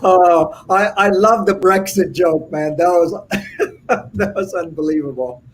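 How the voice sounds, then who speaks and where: A man's voice: high voice, unhurried, slight background noise. A man co-hosting an interview, reacting with short, enthusiastic remarks and asking questions. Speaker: co-host interviewer. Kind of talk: casual interview chat.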